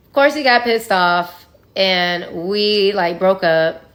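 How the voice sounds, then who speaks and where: A woman's voice: mid-range voice, takes it slowly. A woman telling her own story to viewers in a candid, frank way, sometimes swearing, with conversational fillers. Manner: frank and profane, talks straight to viewers.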